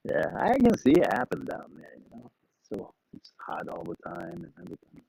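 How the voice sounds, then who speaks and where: A man's voice: mid-range voice, huge pitch swings, normal speed, vocal fry, warm tone, low-quality recording. A middle-aged man hosting a live stream, chatting casually and rambling in an easygoing way to his viewers. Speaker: livestream host.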